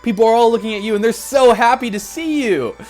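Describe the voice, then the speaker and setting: A man leading a guided visualization as a motivational speaker, emphatic and repetitive, rising to excited peaks. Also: extremely high pitch, fast. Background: faint background music.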